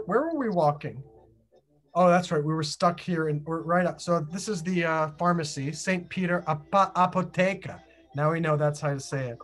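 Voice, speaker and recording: Host on a video call, playful and chatty, keeps tossing questions to the group, mid-pitched voice. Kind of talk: casual group chat.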